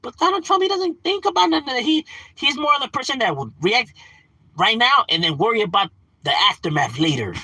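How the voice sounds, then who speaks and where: A man's voice: very high-pitched, expressive, a little fast, sharp tone, husky, no echo. A man ranting casually on a livestream, swearing, slangy and laughing often. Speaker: livestream host.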